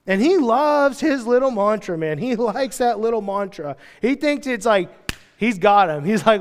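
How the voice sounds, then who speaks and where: A man's voice: high-pitched, expressive, normal speed, in a large hall. A male pastor preaching a sermon in a casual, joking manner, full of slangy asides. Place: church.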